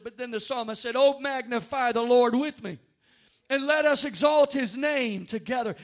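A male pastor, from North Louisiana, preaching a dynamic sermon with bursts of shouting and drawn-out, sung phrases. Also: very high-pitched. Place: church sanctuary before a congregation.

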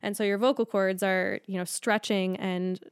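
A woman's voice: medium pitch, fairly even intonation, moderate pace, smooth, dry recording, clean studio sound. A woman speech pathologist explaining her work in a chatty interview, filling with "like" and "um" and laughing easily. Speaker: speech language pathologist guest. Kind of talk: casual explanatory interview talk.

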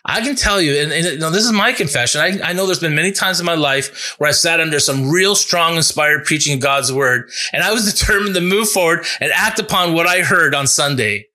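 A male pastor giving a sermon in an earnest, conversational way, building to emphatic peaks and dropping low for reflective points. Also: fairly quick, hardly any pauses, bright, forceful tone. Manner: earnest, conversational preaching with restarts and rising emphasis.

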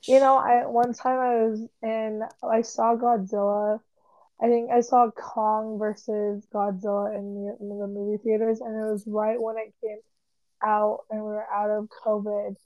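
Playful teasing woman with a mellow voice. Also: medium pitch, flat delivery, measured pace, dry recording, lo-fi sound. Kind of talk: casual chat.

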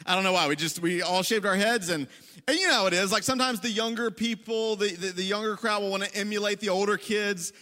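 Male preacher, high bright voice, jokey and self-deprecating, big echoing hall. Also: fast. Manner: self-deprecating, joking, conversational. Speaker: pastor. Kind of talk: storytelling sermon. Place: church hall. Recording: long reverb of a large hall.

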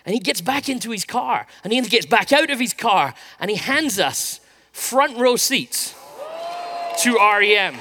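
A man's voice: high voice, a little slow. A middle-aged man preaching a sermon, telling a story with energy and acting out what people said. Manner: storytelling, animated, acts out quotes. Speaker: pastor.

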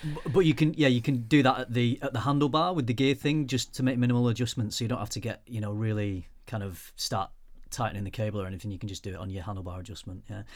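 A man co-hosting a podcast, relaxed and knowledgeable, giving friendly advice. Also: medium pitch, quick pace, hardly any pauses. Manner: relaxed, knowledgeable, laughs along. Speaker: podcast co-host. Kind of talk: casual chat.

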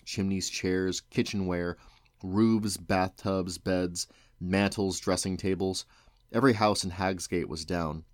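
A man reading a storybook chapter aloud to his children, measured and expressive. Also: low voice, dry recording, studio quality.

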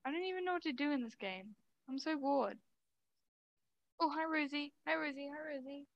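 A woman's voice: high-pitched, normal speed, vocal fry, muffled recording. A woman co-hosting a podcast, chatting casually and giggling while she plays an online game. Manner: giggly, reads game chat aloud. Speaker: podcast co-host. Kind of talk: casual gaming chat.

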